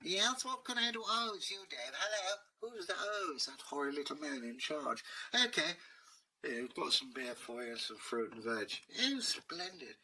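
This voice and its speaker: Man doing a posh dragon, pompous and grumpy, voice pitched up, bright. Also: animated, normal speed, slight background noise, low-quality recording. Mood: pleased. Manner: plummy and fussy, then threatening.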